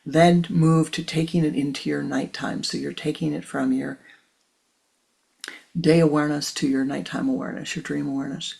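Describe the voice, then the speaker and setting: A woman spiritual teacher giving a slow guided teaching in a soft, measured voice that often drops to a hushed whisper. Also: sits low, little pitch movement, gravelly, husky.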